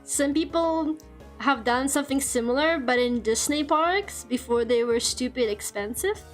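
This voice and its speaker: A woman's voice: high voice, moderate pace, soft background music. A woman chatting casually on her livestream, laughing often and swearing freely. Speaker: streamer.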